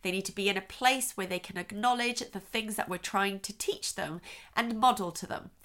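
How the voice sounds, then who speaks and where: A middle-aged woman who is a parenting expert speaks straight to camera with earnest, reassuring advice. Her voice is medium in pitch and fairly bright, at a normal speed, and she often checks in with "okay?".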